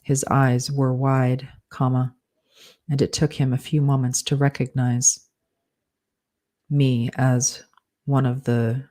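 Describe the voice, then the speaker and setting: Man slowly dictating with punctuation aloud. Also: medium pitch. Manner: slow, even dictation that speaks every comma and period aloud. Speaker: author dictating a novel.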